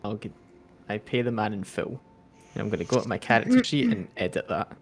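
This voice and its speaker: A man's voice: lowish voice, animated, a little fast, slight background noise. A young man playing his character in a tabletop game over a voice call, playful and hesitant. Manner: playful, giggly, hesitant fillers. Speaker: player. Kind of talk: tabletop role-play with friends.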